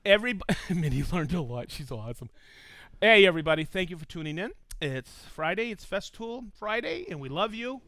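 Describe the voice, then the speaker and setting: Man, livestream host, upbeat, enthusiastic, high voice, bright tone, dry sound. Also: very animated, fairly quick, no echo. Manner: upbeat, enthusiastic, laughs often. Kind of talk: live stream shout-outs to viewers.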